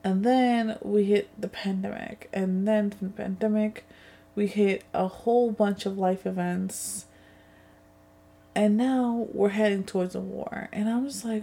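A woman's voice: mid-range voice, fairly even intonation, unhurried, vocal fry, mellow, breathy edge. A young woman in a casual vlog, venting in a rambling way with frequent swearing and sarcastic asides. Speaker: vlogger. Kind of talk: casual chat.

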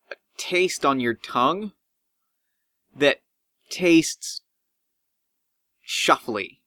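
Bright-voiced man running a tabletop game. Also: mid-range voice, no room sound. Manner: casual, rambling with fillers. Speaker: game master.

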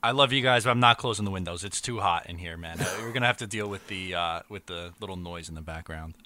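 Bright-voiced man hosting a casual chat. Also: low voice, fast talker. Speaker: podcast host. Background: fireworks outside.

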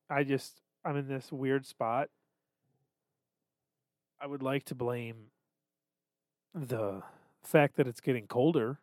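A man's voice: medium pitch, a little mellow, no room sound. Man, podcast co-host, casual confessional chat, swears, dry room. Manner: candid, self-deprecating, swears freely.

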